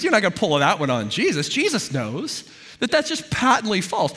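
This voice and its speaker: Lively preaching man in a reverberant hall. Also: a little high. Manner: animated, emphatic, conversational preaching. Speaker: pastor. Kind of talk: sermon.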